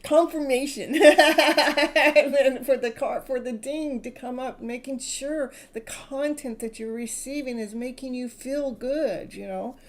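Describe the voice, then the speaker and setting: A woman's voice: high voice, measured pace, few pauses, dark tone, rough recording. A woman from California giving a live-stream tarot reading, speaking in soothing spiritual affirmations and laughing often. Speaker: tarot reader.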